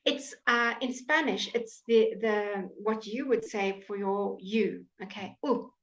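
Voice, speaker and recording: Over a lo-fi live stream from a computer mic at home, a woman with a mid-range, fairly bright voice teaches English pronunciation. She goes slowly and patiently, repeating every word as a drill for her students.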